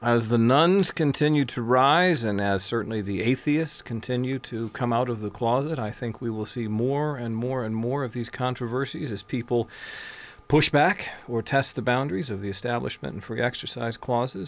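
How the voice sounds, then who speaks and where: A man's voice: medium pitch, normal speed. A man hosts a radio talk show. His voice sits in the middle range, and he talks easily and steadily as he leads the conversation. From American Midwest.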